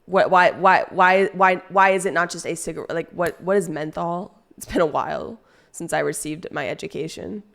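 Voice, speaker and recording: A woman's voice: lowish voice, moderate pace, creaky, a bit bright. A young adult woman streaming live, chatting casually with viewers in a rambling, crude and playful way as she reads chat aloud.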